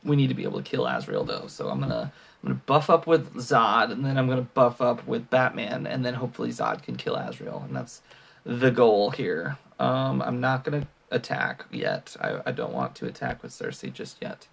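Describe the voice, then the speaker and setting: A man's voice: medium pitch, wildly swooping pitch, moderate pace, vocal fry, slightly rough. A man giving casual commentary over a mobile game he plays, thinking aloud with many ums and sighs, and hiccuping now and then. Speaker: gaming channel host.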